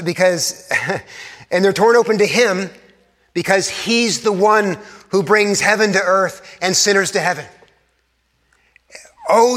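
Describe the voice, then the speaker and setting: A man, an Anglican pastor, preaching an earnest sermon in a church, sometimes dropping to hushed tones for emphasis. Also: sits high. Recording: long reverb of a church hall.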